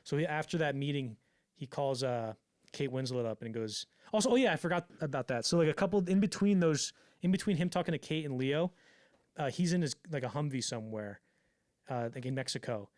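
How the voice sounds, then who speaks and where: A man telling a story on a casual podcast, swearing freely and acting out the quotes in quick put-on voices. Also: mid-range voice, darkish tone, no room sound, clean studio sound. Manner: fast, profane, acts out quotes in voices. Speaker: podcast co-host.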